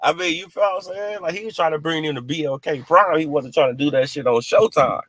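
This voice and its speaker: A man giving casual, animated boxing commentary in heavy slang, mocking and joking as he goes. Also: fairly high pitch, fast, no echo. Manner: animated, mocking, heavy on "you feel what I'm saying".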